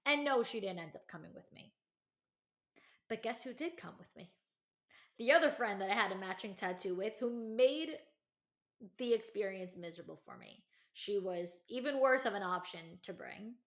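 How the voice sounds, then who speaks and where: A woman hosting a podcast, telling a personal story in casual chat, full of "like" and "you know", and acting out quotes with lively energy. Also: moderate pace. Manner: chatty, heavy use of "like" and "you know"; animated, acts out quotes in a higher voice. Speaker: podcast host.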